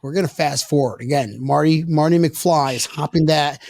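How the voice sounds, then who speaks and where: A man hosting a casual sports podcast from home, rowdy and joking as he tells loud stories. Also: fairly high pitch, moderate pace, gravelly, no room sound. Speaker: podcast host. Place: home, living in South Florida.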